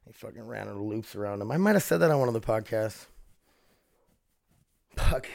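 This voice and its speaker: Gravelly dude rambling and cussing on his home podcast, dry close sound. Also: lowish voice, animated, moderate pace, a little mellow, no echo. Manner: rambling, profane, laughs often. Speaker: podcast host. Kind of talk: casual solo podcast chat.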